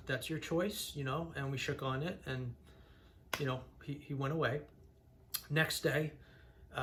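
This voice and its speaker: A man speaking to camera about his own experiences, earnest and plain-spoken. His voice sits at an ordinary middle pitch, and he often trips over and restarts his sentences as he goes. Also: a bit bright, slight background noise. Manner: earnest, frequent restarts, rising to heated when recounting anger. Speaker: vlogger sharing his mental health story. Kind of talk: candid personal storytelling to camera.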